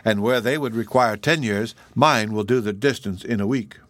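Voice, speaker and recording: A man's voice: fairly low pitch, moderate pace, a bit bright, no room sound, lightly acted. Guy doing a modest young shipbuilder, plain, dry sound. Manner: modest, matter-of-fact. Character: modest young male boat builder.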